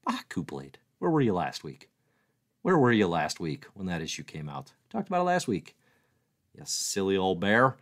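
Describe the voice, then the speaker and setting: A low-pitched man hosting a live stream, his voice swinging widely as he gets worked up. He talks casually and playfully, teases himself, and answers viewer comments on the fly. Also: moderate pace. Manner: excitable, playful, self-mocking. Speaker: livestream host.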